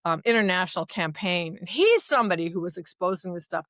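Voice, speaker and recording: A woman from the United States, a lawyer and advocate, answering interview questions in a lively storytelling way with many restarts. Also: fairly low pitch, fast talker, dry recording, clean studio sound. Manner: animated storyteller, acts out dialogue, many restarts. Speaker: guest, human rights advocate and lawyer.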